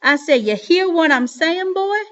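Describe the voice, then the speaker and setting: A woman doing a drawling Southern dad, teasing loud. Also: animated, unhurried, full character voice. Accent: put-on Southern US hillbilly. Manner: loud, teasing, high and rising. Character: father mocking a drawling Southern man. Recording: dull lo-fi recording.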